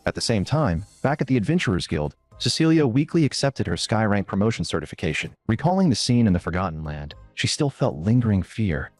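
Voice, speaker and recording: Low-voiced man narrating a recap. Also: fairly quick, hardly any pauses, no echo. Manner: even storytelling, lifts pitch for quoted girls. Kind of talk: scripted manhwa recap narration. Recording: dry close mic with faint music.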